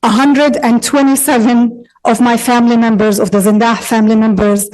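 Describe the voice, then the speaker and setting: A woman's voice: a little high, flat delivery, normal speed, darkish tone, rough recording. A woman from Gaza giving an impassioned public comment at a city council podium, pleading and repeating her phrases. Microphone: podium microphone.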